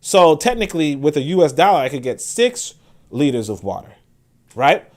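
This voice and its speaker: A man's voice: fairly high pitch, big pitch swings, moderate pace. A man hosting a casual livestream, speaking to viewers in a rambling, conversational way, with frequent restarts and asides. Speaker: host.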